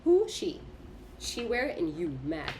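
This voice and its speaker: A woman's voice: mid-range voice, wildly swooping pitch, measured pace, darkish tone, a little hiss or hum. A woman giving a casual spoken tarot reading, talking emphatically and profanely, repeating short phrases for punch. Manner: emphatic, repetitive, profane, punctuated by laughter. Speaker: tarot reader.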